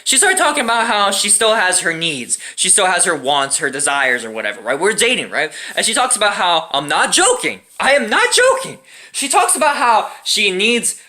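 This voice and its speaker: A young man telling a personal relationship story in a casual, profane rant, often checking in with "right?". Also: high-pitched. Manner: animated and profane, keeps tagging "right?".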